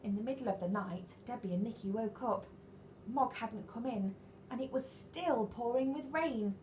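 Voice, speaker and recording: A woman, a nursery teacher reading a picture book to young children in an animated, sing-song way and asking them questions. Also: a little high, moderate pace, a little hiss or hum. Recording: echoey room, faint ambience.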